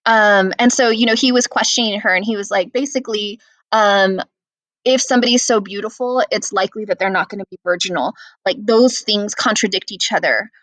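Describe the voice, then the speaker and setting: A woman's voice: mid-range voice, fairly quick, a bit bright, dry recording. A woman teacher guiding students through a play in a casual, explanatory way, with frequent "um" and "like". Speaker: English teacher. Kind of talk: guided reading lesson.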